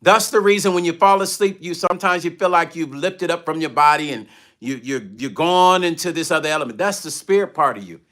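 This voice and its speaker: Bright, animated man telling stories. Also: a little high, a little fast. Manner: passionate, repeats phrases, thanks donors mid-story. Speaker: music vlogger on a livestream. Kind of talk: casual livestream storytelling.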